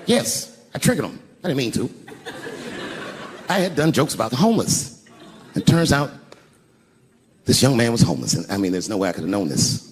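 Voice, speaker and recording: Middle-aged male stand-up, animated storyteller, swooping delivery; live theater reverb with clear crowd ambience. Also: medium pitch, a little fast, pauses often, slight background noise. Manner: animated, swings from hushed asides to loud outbursts. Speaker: stand-up comedian. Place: large theater stage. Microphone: stage microphone.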